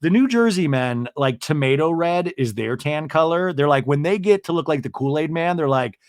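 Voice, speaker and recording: Animated, chatty male podcast host. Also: on the high side, normal speed, few pauses, dry recording, studio quality. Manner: animated, chatty, full of "like" and asides. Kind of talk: casual comedic TV recap.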